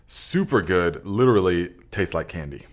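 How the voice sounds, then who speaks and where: A man from Northern California hosting a live gardening Q&A, reading out viewer comments and answering in a relaxed, rambling way with many fillers. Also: deep voice, normal speed. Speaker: podcast host. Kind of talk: live Q&A chat.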